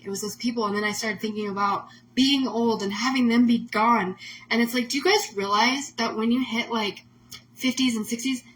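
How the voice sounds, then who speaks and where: A woman's voice: a little high, bright, forceful tone, a little hiss or hum, low-quality recording. A woman host talking casually on a livestream, emotional and rambling, full of "like" fillers. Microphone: phone or webcam on a livestream.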